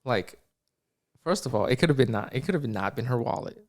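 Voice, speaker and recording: At a normal speed and in a mid-range voice, a young man shares a story while co-hosting a podcast. He's animated in the casual chat, playing out the people involved and cursing freely.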